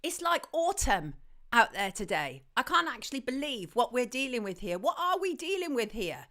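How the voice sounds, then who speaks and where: A woman's voice: fairly high pitch, very animated, moderate pace, bright, forceful tone. Chatty woman hosting a live stream. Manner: chatty, affectionate, reads viewer messages aloud. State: slightly hoarse, dodgy throat. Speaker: host. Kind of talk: live-stream chat, greeting viewers. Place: home studio in southwest London.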